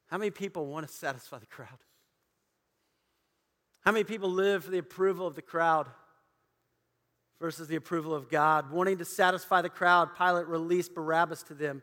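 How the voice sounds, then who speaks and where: A man's voice: fairly high pitch, fairly even intonation, fairly quick, sharp tone, big-room sound. A man preaching a sermon in a church, dramatically acting out the voices of biblical figures. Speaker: pastor. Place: church auditorium.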